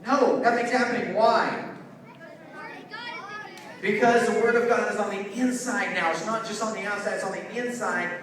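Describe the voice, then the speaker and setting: A man preaching an energetic object-lesson sermon to young people as a youth pastor, calling out questions to the audience. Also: sits high, normal speed, long pauses, crowd noise. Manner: energetic, call-and-response with audience. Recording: echoey hall, mic from a distance.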